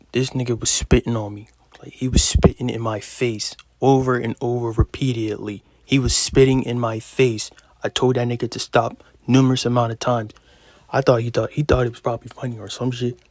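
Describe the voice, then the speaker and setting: A young man in his late teens telling a story in a vlog, animated, slangy and heavy on profanity. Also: medium pitch, dry recording. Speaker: vlogger.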